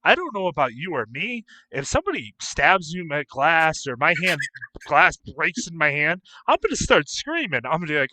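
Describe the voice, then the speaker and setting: A man co-hosting a casual review chat, telling what he saw in an animated way and acting out his own reactions. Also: fairly high pitch, moderate pace, no echo, low-quality recording. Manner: animated, acts out his reactions with voiced quotes. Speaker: co-host and reviewer. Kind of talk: casual pop-culture chat.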